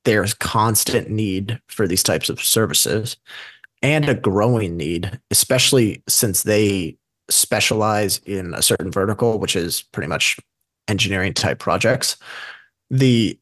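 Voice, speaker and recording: A man's voice: on the low side, a little slow, a bit bright, no echo. A man co-hosting a casual investing show, talking in a rambling way and often correcting himself mid-sentence. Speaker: podcast co-host.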